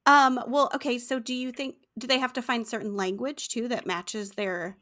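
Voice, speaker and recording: A woman hosts a relaxed podcast chat, her fairly high voice easygoing and a bit hesitant. She fills her questions with ums and likes. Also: normal speed, a little hiss or hum. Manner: easygoing, hesitant, with frequent fillers. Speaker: podcast host. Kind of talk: casual interview chat.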